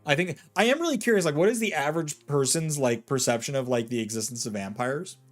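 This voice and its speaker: A gaming streamer with a voice on the high side gives casual let's-play commentary on a game he's playing, animated and quick. He's jokey and playful, given to puns and silly voices, with soft music in the background.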